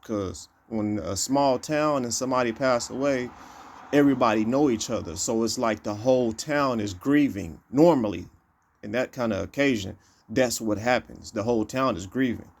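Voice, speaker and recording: A man's voice: medium pitch, normal speed, creaky, a little mellow. A man recounting a personal event in casual, repetitive storytelling, often circling back with "you know" and "like I say.".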